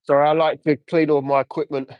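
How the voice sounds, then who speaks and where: A man's voice: a little high, little pitch movement, fast, no room sound, lo-fi sound. A man chatting casually on a livestream, answering viewer comments while he cleans a car outdoors, talking into a phone. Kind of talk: casual live chat while working.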